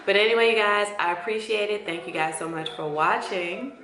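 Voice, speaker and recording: Excited woman in her forties, echoey room. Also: medium pitch, a little fast. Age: 40s. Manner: excited, heartfelt and chatty. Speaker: esthetician. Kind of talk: casual vlog talk. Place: her empty new salon studio. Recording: echoey room with faint music.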